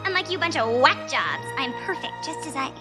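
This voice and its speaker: A woman's voice: sits high, expressive, a little fast, music in the background. A snooty vain young woman.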